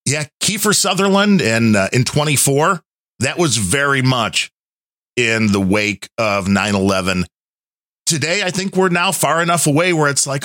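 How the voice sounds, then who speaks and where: A man's voice: medium pitch, animated, moderate pace, a bit bright, no room sound, studio quality. A man hosting a podcast, chatting in a rambling, conversational way. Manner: rambling, conversational, many fillers. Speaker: podcast host. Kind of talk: casual chat.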